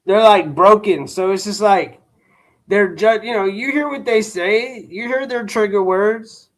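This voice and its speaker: A man's voice: high-pitched, measured pace, fairly bright tone. A tired adult man hosting a livestream and talking casually with his chat. He uses a lot of slang, says "bro" often and waves off a troll. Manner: dismissive toward a chat troll. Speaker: livestream host.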